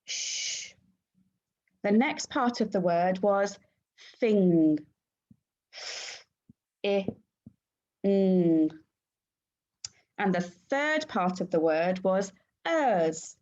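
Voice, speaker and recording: A woman teaching a phonics lesson to young children, sounding out letters and syllables clearly and praising the class. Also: medium pitch, expressive, drawn-out words, pauses often, darkish tone, highs cut off. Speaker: primary school teacher.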